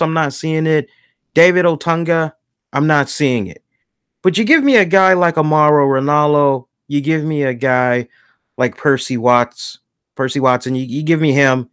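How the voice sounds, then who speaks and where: A man's voice: on the high side, unhurried, a bit bright, smooth, no echo, studio quality. A man hosting a wrestling review show, talking casually and animatedly, acting out his own reactions and often restarting his words. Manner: frequent restarts and repeated words. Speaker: wrestling podcast host.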